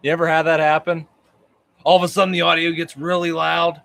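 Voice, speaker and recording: A man chatting casually as a guest, animated and full of interjections. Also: fairly high pitch, a little fast, creaky. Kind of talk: casual chat.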